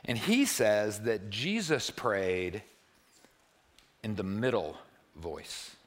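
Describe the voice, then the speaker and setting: A male pastor preaching a sermon in a church, playful and animated, swinging from loud, excited bursts to hushed, quiet passages. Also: on the low side, extremely slow.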